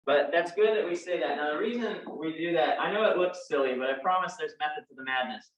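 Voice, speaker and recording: A man's voice: fairly high pitch, fast talker, slight background noise. A man with a Texan accent teaching a live dance class, joking and telling folksy stories as he instructs. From Texas. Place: dance studio. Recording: roomy, distant, dull sound.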